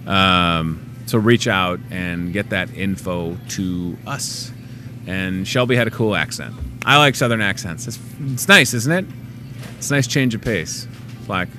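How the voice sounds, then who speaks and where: Male local TV host, bright tone, joking chatty delivery. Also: fairly low pitch. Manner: chatty, joking, self-mocking. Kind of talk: casual on-air chat.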